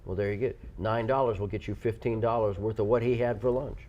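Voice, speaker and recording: In a TV studio, a man co-hosts a live local TV shopping show, chatty and talkative, now and then jumping into a mock tough-guy voice. He speaks fast in a lowish, steady, slightly mellow voice, and the recording is muffled.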